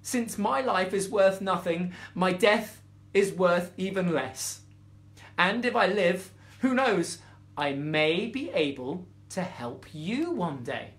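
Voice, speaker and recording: A man's voice: high-pitched, expressive, takes it slowly, a bit bright, full character voice. A man voicing a tiny, timid male mouse who pleads frantically in a bedtime storybook reading. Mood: desperate.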